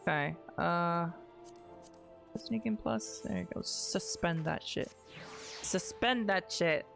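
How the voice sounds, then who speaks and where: A woman's voice: lowish voice, slow, gravelly, over music. A woman streaming a game, chatting casually, joking and reading the game's lines aloud. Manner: playful, reads game dialogue aloud and jokes; swears casually and laughs often. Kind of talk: casual live gameplay commentary.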